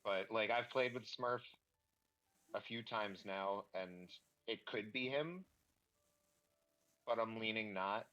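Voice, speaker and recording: A man's voice: lowish voice, slow pace, long pauses, fairly bright tone, highs cut off. A young man chatting as a player in a streamed game, thinking aloud and restarting his sentences often. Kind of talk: casual chat while streaming a game.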